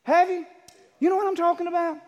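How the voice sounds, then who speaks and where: High-voiced preacher shouting in a hall. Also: male voice, little pitch movement, quick pace, dull audio. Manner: builds from low talk to shouted preaching, acts out quotes. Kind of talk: sermon.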